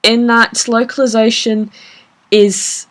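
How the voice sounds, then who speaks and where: A woman's voice: fairly high pitch, flat delivery, unhurried, fairly bright tone. A woman hosting a let's play, chatting casually with fillers while reading the game aloud. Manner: chatty, laughs easily, hesitant fillers. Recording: game music under voice.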